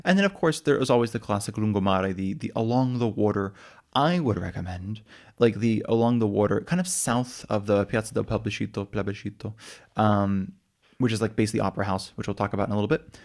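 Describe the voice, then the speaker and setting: A young American man chatting on a travel podcast, talking quickly in a lowish voice with a gravelly edge. He rambles along with plenty of "like" and "you know", and he restarts his sentences often. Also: a little mellow. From United States. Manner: rambling, many fillers and restarts. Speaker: podcast co-host. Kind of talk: casual travel podcast chat.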